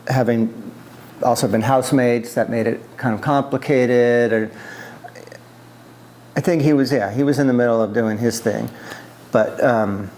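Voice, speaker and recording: A man's voice: medium pitch, fairly even intonation, a little slow, long pauses, a little mellow, slight background noise. A middle-aged man from the US East Coast, recalling his past in an oral history interview, with many fillers and restarts.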